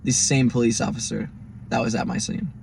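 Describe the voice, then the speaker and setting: A man hosting his own podcast, telling listeners a first-person road story in a casual, profane, animated way. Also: medium pitch, a little fast, gravelly, slight background noise. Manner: speaks straight to listeners as "guys". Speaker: podcast host.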